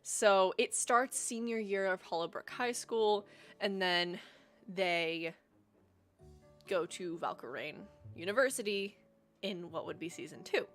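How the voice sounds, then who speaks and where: A woman's voice: mid-range voice, unhurried, a bit bright. A young woman hosting a live stream, chatting casually with lots of ums while explaining a story world. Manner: chatty, rambling, frequent ums. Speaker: livestream host. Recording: faint music behind.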